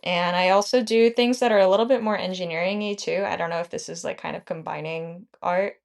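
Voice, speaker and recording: A young adult woman, a podcast guest, speaking softly and hesitantly with many fillers. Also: lowish voice, fairly even intonation, brisk, vocal fry. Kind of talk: casual interview chat.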